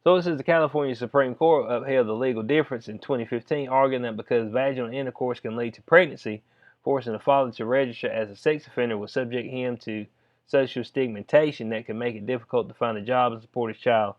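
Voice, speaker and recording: The recording is muffled, and he talks fast in a mid-range voice with fairly even intonation. A Southern US man vlogging about the news, he reads snippets aloud, talks loosely, and keeps saying "you know what I'm saying."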